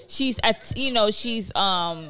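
Animated young woman chatting on a podcast. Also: medium pitch, slow pace, clean tone. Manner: animated, laughs often, self-interrupting. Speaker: podcast co-host. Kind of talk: casual chat.

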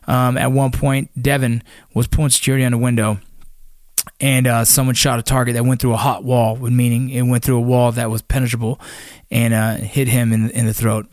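A man's voice: medium pitch, little pitch movement, a little fast, darkish tone, no echo, studio quality. A man who is a former Army Ranger, telling a personal story in a casual, blunt way, full of swearing and fillers. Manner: blunt and profane, with many fillers.

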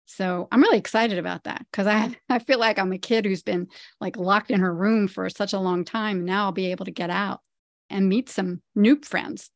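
A woman's voice: medium pitch, fairly even intonation, moderate pace, no room sound, studio quality. A middle-aged woman, a podcast guest, speaking in a friendly, casual way and laughing easily. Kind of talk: casual interview chat.

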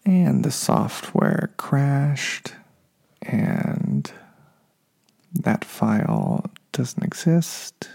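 A man hosting a podcast alone, talking unscripted in a low-key way, often correcting himself and sounding a little frustrated. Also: wildly swooping pitch, extremely slow, gravelly, darkish tone. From United States. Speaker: podcast host. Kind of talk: solo podcast monologue.

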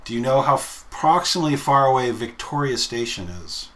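A man's voice: mid-range voice, animated, brisk, a bit bright, a little hiss or hum. A man hosting a podcast, reading quiz questions in a playful, joking way. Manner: playful quizmaster, laughs easily. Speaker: podcast host running a quiz. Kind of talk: casual podcast chat.

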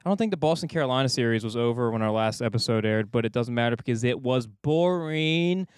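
A man's voice: medium pitch, brisk, smooth, dry recording. A man hosting a casual sports podcast, telling long rambling stories with plenty of swearing. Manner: rambling animated storytelling, profane. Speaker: podcast host.

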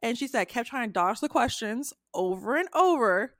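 A woman's voice: on the high side, expressive, normal speed, fairly bright tone, dry recording, studio quality. A young adult woman, a podcast co-host, retelling a story in casual chat, acting out quotes in a raised voice and swearing freely.

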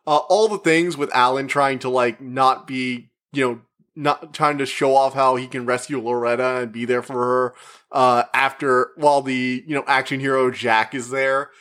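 A man's voice: mid-range voice, fairly even intonation, fairly bright tone. Chatty man reviewing a movie. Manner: chatty, acts out quoted characters in quick put-on voices; rambling, with frequent fillers and restarts. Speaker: media reviewer. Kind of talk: casual spoken movie review.

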